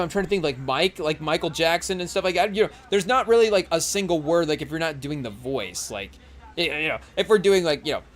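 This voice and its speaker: A man's voice: medium pitch, fairly bright tone, slight background noise. A young man hosting a podcast in casual chat while watching a live game, rambling and often saying "hey, yo" and addressing the chat. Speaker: podcast host.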